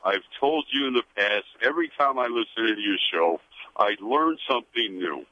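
A man from Chicago calling into a radio show, talking in a warm, rambling way with many hesitations over a phone line. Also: on the low side, expressive, moderate pace. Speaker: caller. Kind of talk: phone-in call.

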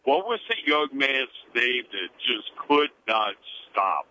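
A man's voice: medium pitch, sing-song, slow, slight background noise. Hesitant male caller on a phone line. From Chicago. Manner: warm-hearted, rambling with hesitations. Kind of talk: phone-in call.

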